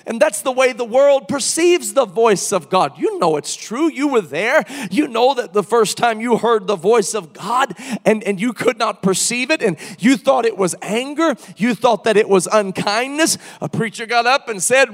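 A male preacher giving an impassioned sermon, moving from quiet storytelling to shouted proclamation. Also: very high-pitched, big pitch swings, a little slow, in a large hall.

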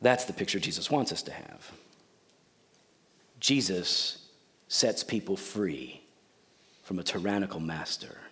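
A pastor giving a sermon in a joking, conversational, storytelling manner. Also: male voice, low-pitched, lively intonation, a little slow, pauses often, bright, forceful tone.

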